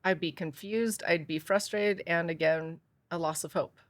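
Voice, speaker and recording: Low-voiced woman hosting a podcast. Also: steady tone, normal speed, no echo. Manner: reacts with short gasps and affirmations. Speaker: podcast host. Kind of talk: empathetic interview chat.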